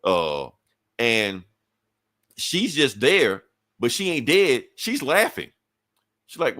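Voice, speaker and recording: Brief: podcast co-host, lively swinging pitch, cussing casually through a comic recap. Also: male voice, slow, pauses often. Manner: animated, profane storytelling.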